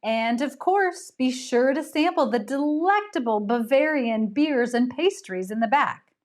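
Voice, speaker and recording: A woman's voice: high voice, animated, unhurried, pitched above the performer's own voice. A woman voicing a cheerful, bustling female shop owner making announcements in a read-aloud story. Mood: chipper. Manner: bright, hostess-like announcing.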